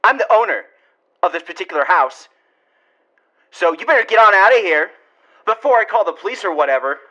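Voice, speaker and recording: A flustered, exasperated homeowner, as a man puts him on for a silent-film comedy dub. His voice sits high and bright and swoops a lot. It comes through dull and lo-fi, like an old radio. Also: sing-song, fairly quick, heavily acted. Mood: irritated. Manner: exasperated, whiny, protesting. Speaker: dubber.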